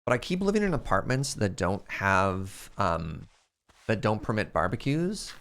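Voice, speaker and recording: A man in his thirties streaming a game and chatting casually with his viewers. He tells stories in a very animated way, his pitch swinging widely, and he breaks into laughter often. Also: a little slow, vocal fry. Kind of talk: casual storytelling while gaming.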